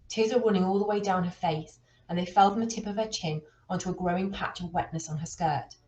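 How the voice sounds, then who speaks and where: Woman reading a storybook, low and roomy. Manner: steady, expressive storytelling. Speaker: reader.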